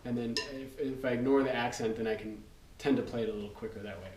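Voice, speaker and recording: Over loud music, a man with a mid-range voice speaks fast as a drum teacher, loosely explaining rudiments in casual instructional talk. Relaxed, with fillers and counting aloud, he's captured by a distant mic in a roomy, noisy recording.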